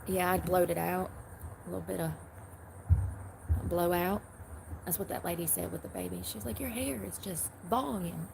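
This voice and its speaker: A woman's voice: on the low side, flat delivery, moderate pace, creaky, pauses often, noisy background. A woman chatting casually to her livestream audience, rambling and answering comments, from the United States. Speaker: livestream host.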